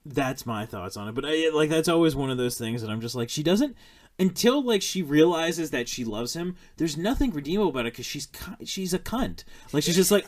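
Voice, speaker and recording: Lively, blunt-talking man. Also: on the high side. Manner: animated, blunt and profane. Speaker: podcast host. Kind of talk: casual film discussion.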